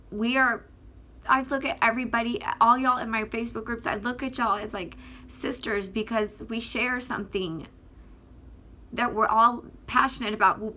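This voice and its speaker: Lady from florida ranting to her camera, bright sharp voice, teary, lots of like and um. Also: medium pitch. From Northwest Florida. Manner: emphatic, rambling, full of fillers and restarts. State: tearful. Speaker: activist vlogger. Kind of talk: impassioned direct-to-camera vlog.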